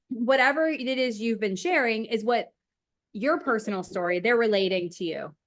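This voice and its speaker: A woman co-presenting a casual team training, explaining each step in a steady way. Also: on the high side, moderate pace. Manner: explanatory, steady, talks through steps.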